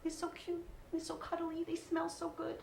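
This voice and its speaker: A woman in her forties doing a stand-up comedy set, with lively delivery and sing-song voices for her kids. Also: very high voice, normal speed, creaky. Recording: echoey room, mic at a distance.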